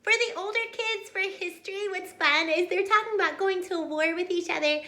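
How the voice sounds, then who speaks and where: Young woman tutor with a very high, bright voice, cheerful and chatty, in an echoey room. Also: moderate pace. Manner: cheerful, chatty, demonstrates songs and hand motions. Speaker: homeschool tutor and video host. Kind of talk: upbeat how-to teaching video.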